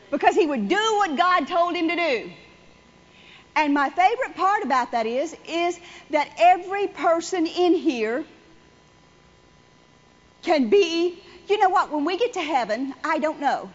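A woman delivers a sermon in a conversational, repetitive way, driving her points home. Her voice sits high. The recording is dull and lo-fi. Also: expressive, measured pace, long pauses. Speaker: church speaker.

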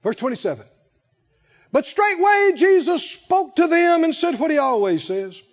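High-voiced, animated male preacher. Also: normal speed, dull audio. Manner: animated, laughing, acts out scenes in voices. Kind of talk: sermon. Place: church service with congregation.

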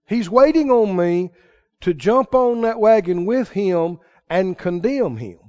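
A male preacher with a very high, lively voice that swings all over the place. He tells his stories in a folksy way and then presses his point hard. The recording is dull and lo-fi. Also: slow pace. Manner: folksy storytelling, rising to emphatic exhortation. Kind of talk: sermon.

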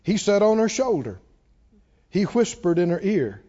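A man preaching a sermon, swinging between hushed warnings and hollered lines and acting out a tempter's whisper. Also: high-pitched, very animated, unhurried, highs cut off.

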